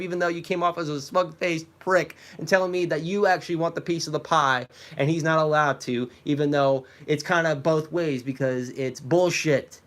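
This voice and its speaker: A man hosting a reaction video, delivering an angry, profane rant at a clip, sometimes shouting. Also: on the high side, steady tone, a little fast, hardly any pauses. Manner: furious and profane, at times shouting.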